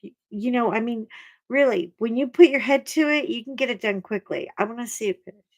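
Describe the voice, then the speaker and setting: A middle-aged woman hosting a casual livestream chat, telling stories in an animated way and greeting viewers by name. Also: fairly high pitch, a little fast. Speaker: livestream host.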